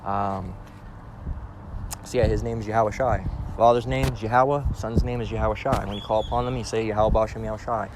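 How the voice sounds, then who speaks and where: A man's voice: lowish voice, steady tone, background noise. Blunt slangy man preaching outdoors. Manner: reads verses slowly, then explains in blunt slang with constant "all right?". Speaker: street preacher. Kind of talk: informal scripture lesson.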